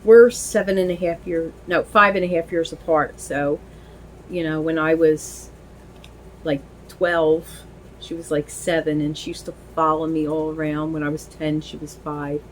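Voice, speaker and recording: A middle-aged woman with a somewhat low voice talks in a loose, rambling way, full of "you know" and "like" and restarting her sentences. She sounds relaxed and homey, with a faint hiss of noise behind her. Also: unhurried, low-quality recording. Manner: rambling, chatty, many fillers and restarts. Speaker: vlogger. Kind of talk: casual chat while dressing a doll.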